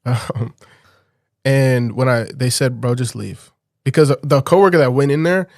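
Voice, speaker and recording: A man's voice: medium pitch, measured pace, dry recording. Man telling a story in a dry voice. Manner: animated, laughs often while telling a story. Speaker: podcast guest. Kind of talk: casual storytelling.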